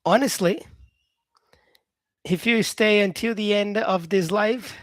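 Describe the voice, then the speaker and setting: On a live-stream lesson, a male English teacher with an Australian-influenced accent chats with his viewers in a high, fairly bright voice with no echo. Unhurried and talkative, he fills his speech with "yeah" and "um" and addresses people as "mate".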